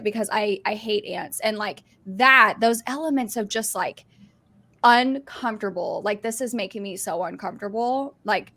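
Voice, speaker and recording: A woman chatting excitedly on a podcast, gushing and filling her talk with "like". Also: medium pitch, normal speed. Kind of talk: casual chat.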